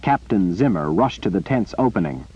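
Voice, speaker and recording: Animated, husky male audiobook narrator. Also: low-pitched, moderate pace. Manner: animated storytelling. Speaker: audiobook reader. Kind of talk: scripted narration. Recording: muffled lo-fi recording.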